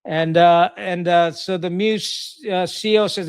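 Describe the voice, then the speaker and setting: A man's voice: high voice, steady tone, normal speed, few pauses, clean tone. A middle-aged man from Pakistan, a retired Marine officer, telling war stories as a podcast guest in a blunt, profane way, full of fillers and restarts. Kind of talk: war storytelling in casual conversation.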